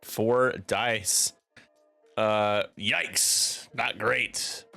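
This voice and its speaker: Low-voiced man calling a tabletop match. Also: fairly even intonation, creaky, pushed and bright, no room sound, faint music behind. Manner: casual, chatty play-by-play with quick asides. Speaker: match commentator. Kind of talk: live tabletop game commentary.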